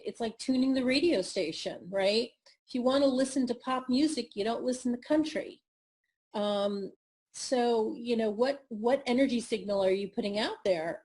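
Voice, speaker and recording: Animated, high-voiced woman coach. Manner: animated and emphatic, acting out examples. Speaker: guest, mindset coach. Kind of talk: interview conversation.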